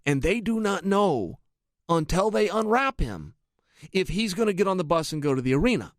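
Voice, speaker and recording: A middle-aged man and MMA analyst, telling an energetic anecdote and talking straight to his listeners. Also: high-pitched, normal speed, no room sound, studio quality. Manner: energetic, addresses listeners directly. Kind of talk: animated anecdotal storytelling.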